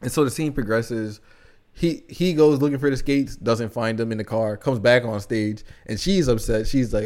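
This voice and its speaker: Young male podcast co-host, mid-pitched, chatty and animated, recaps stories with a filler-heavy casual delivery. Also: normal speed. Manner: animated storyteller, many "like" fillers. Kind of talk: casual chat, recapping a play.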